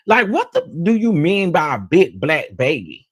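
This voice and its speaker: A man's voice: fairly high pitch, moderate pace, husky, dry recording. Sassy man doing gossip commentary. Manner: sassy and animated, repeats phrases for emphasis; addresses viewers as "y'all". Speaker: host of a celebrity gossip channel.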